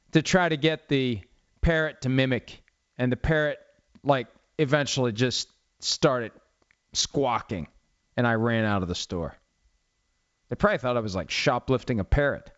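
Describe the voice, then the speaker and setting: A middle-aged man hosting a football talk show, telling stories in a rambling, wry, sarcastic way. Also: fairly high pitch. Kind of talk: casual sports commentary monologue. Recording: slightly dull lo-fi audio.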